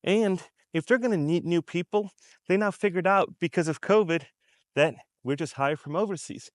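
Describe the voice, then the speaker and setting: This commentary vlogger, whose voice is slightly high, gives heated, unscripted commentary to camera at normal speed. He's conversational and emphatic, repeating points and performing quoted reactions. The sound is clean studio audio with no echo.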